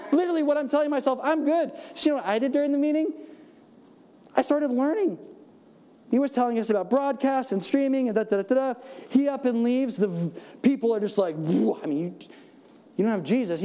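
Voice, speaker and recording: A man preaching in the style of lively storytelling, laughing often and acting out the voices of people in his stories. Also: very high-pitched. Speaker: church speaker. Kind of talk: sermon storytelling.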